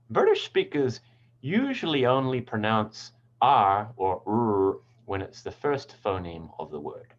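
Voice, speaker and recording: Male english teacher, lowish voice, lively intonation, patient explaining, slightly dull lo-fi recording. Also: unhurried. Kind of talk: explanatory lesson.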